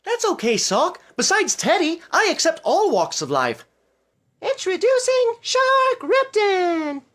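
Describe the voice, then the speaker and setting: A woman's voice: very high-pitched, very animated, slow pace, a bit bright, heavily acted. A woman voicing a cheerful, oblivious man in a comedy puppet skit, with a chipper, sing-song delivery. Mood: upbeat.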